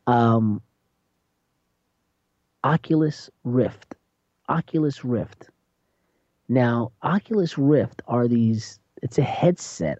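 Radio host, chatty storytelling, very mellow dark voice, dry close sound. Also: dry recording, muffled recording. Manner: chatty storytelling, acts out quotes in a high voice. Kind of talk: casual talk-radio monologue.

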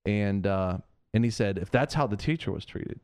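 A man's voice: fairly low pitch, expressive, moderate pace, darkish tone, clear, resonant tone, no echo. A man hosting a Christian talk show, preaching earnestly and repeating phrases for emphasis. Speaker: host of a Christian TV and radio show.

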